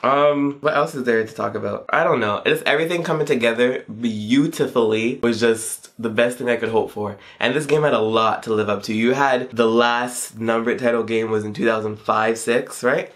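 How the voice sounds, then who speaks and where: A young man in his twenties giving a casual video game review. He gushes and often leaps up in pitch when he acts out his own reactions, peppering his talk with casual slang. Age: 20s. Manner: excitable and gushing, with pitch leaps on quoted reactions.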